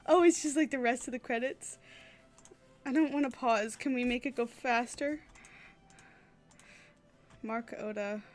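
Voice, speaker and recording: A woman's voice: on the high side, measured pace, long pauses. A young woman streaming a game, chatting casually, gushing and swearing as she reacts.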